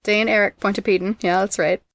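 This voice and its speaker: A woman hosting a podcast who reads out trivia facts in a brisk, teasing way and laughs often. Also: medium pitch, fairly even intonation, no echo, clean studio sound. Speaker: podcast host presenting trivia. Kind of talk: casual trivia chat, reading facts.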